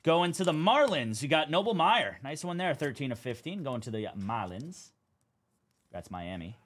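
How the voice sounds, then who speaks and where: A man's voice: fairly high pitch, sing-song, moderate pace. A young man hosting a live card break stream, chatting casually as he calls out cards and teams.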